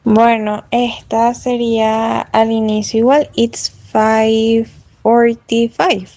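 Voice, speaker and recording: Woman student, Spanish accent, hesitant, slightly high, slow. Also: little pitch movement, warm tone, no room sound. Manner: answers hesitantly, mixes Spanish and English.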